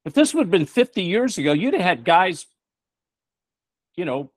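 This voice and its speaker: A man's voice: high voice, very animated, moderate pace, no room sound. A middle-aged man hosting a show, preaching emphatically with rhetorical questions. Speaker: show host. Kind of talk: preaching talk-show monologue.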